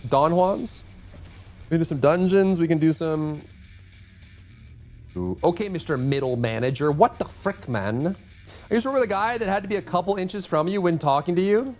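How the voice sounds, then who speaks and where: Lively, jokey male livestreamer. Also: fairly high pitch, normal speed, pauses often, soft background music. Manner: rambling and jokey, chatting with teammates. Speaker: livestreamer and gamer. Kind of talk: casual live-stream chat while gaming.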